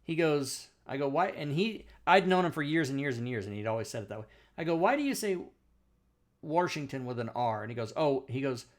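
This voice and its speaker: A man's voice: mid-range voice, fairly even intonation, fast talker, hardly any pauses. A man hosting a casual talk show, telling anecdotes and acting out the exchanges he quotes. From Spokane, Washington, USA. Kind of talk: casual chat.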